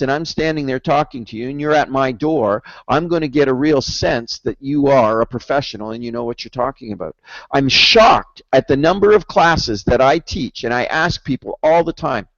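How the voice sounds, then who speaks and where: Energetic man teaching a sales webinar. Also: medium pitch, no echo. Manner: energetic, persuasive, storytelling. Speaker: real estate sales trainer. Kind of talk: webinar lecture. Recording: dull dry webinar audio.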